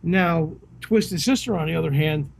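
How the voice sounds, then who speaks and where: A man's voice: on the high side, moderate pace, creaky, a little hiss or hum. A man co-hosting a podcast, chatting casually about rock music in a laid-back, agreeable way. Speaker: podcast co-host.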